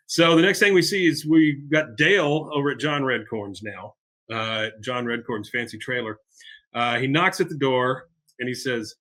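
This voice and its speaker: Bright-voiced man recapping a show. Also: medium pitch, measured pace. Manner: retells scenes with laughs and fillers. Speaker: podcast host. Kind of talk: casual episode recap.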